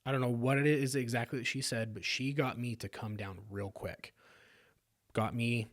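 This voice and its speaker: Casting note: earnest man from Sacramento, candid storyteller, mid-pitched voice, stumbling restarts. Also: steady tone, normal speed. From South Sacramento, California. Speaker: podcast guest.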